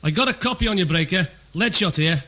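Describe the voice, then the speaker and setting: An actor playing a helpful man on CB radio, talking quick, friendly radio jargon. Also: high voice, animated, sharp tone, a little hiss or hum. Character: helpful Liverpool local male CB operator.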